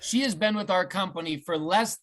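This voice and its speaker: A man hosting a live company video call, earnest and emotional, slowing down with restarts as he thanks and introduces speakers. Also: high voice, a bit bright. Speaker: host.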